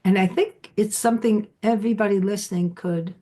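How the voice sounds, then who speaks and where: A middle-aged woman hosting an interview, speaking conversationally with affirming asides and pauses. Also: mid-range voice, steady tone, dark tone. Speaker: podcast host.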